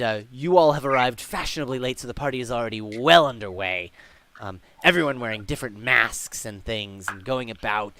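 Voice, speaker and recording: Bright-voiced man running a tabletop game. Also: medium pitch, slight background noise. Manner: casual, many fillers. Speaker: game master.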